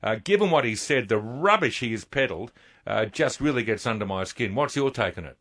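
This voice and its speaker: A man's voice: on the low side, animated, brisk, fairly bright tone, dry recording. A man with an Australian accent hosting talk radio, delivering blunt, indignant opinion commentary into a studio microphone.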